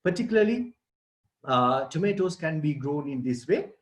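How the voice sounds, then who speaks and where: Middle-aged Sri man, gardening expert, fairly high voice, patient explainer talking to kids and parents. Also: very animated, normal speed, rough recording. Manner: explanatory, addressing children and parents. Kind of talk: online presentation.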